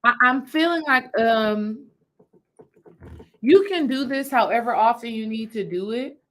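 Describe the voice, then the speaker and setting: A woman's voice: on the high side, unhurried, a bit bright, low-quality recording. A woman spiritual healing coach, talking her audience through a meditation step by step in a casual, repetitive way. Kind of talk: guided meditation talk to a live audience.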